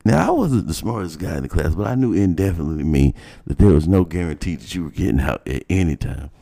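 Man with a very deep, dark voice. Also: fast talker, gravelly. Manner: animated, blunt, swears freely. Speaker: storyteller. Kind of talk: casual personal storytelling.

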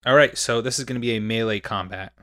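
Young man running a tabletop game, bright crisp voice, dry close sound. Laughs easily. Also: fairly low pitch, fast, no echo. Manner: laughs often, casual and upbeat. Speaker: game master. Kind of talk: narrating a tabletop game over a call.

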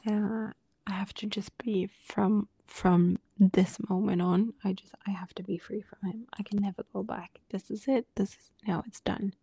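A woman with a deeply gravelly, husky voice and a mellow, dark tone tells a personal story on a podcast. She talks casually, often sinking to a breathy near-whisper and quoting others' words as dialogue. The sound is dry and close. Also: steady tone, moderate pace, dry recording. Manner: quotes others in dialogue with many fillers. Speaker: podcast co-host.

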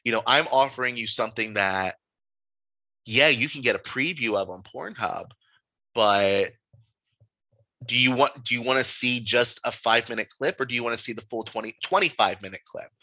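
A man, a podcast guest, telling stories from his life in a casual, animated and emphatic way. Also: mid-range voice, moderate pace, dry recording, poor audio. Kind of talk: casual storytelling.

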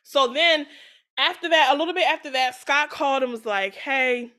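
High-voiced woman telling a story. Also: fairly quick. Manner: animated storytelling, acts out quoted voices, laughs often. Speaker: podcast co-host retelling a story. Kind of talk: casual chat.

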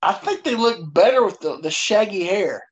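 Hesitant man, fairly high voice. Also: expressive, moderate pace. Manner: agreeable, hesitant, trails off. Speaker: podcast co-host. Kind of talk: casual wrestling chat. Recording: dull lo-fi sound.

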